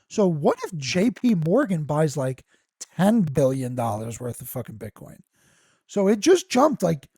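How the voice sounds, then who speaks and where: A man hosting a podcast, reading news articles aloud and breaking into profane, excitable asides. His voice turns squeaky when he gets worked up. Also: gravelly, no echo. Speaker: podcast host.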